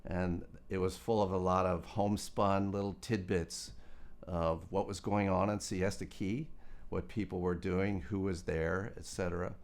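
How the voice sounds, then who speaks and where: A man giving a measured account of how a small local newspaper began, in a documentary interview. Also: low voice, steady tone. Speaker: interviewee recounting local history.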